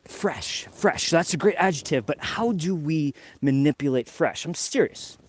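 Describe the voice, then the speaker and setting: A man's voice: fairly high pitch, lively intonation, a little slow. A man from New York hosting a casual live vlog outdoors in the snow, chatty and a little out of breath as he walks. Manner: rambling, chatty, talks to viewers. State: slightly out of breath. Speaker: livestream host.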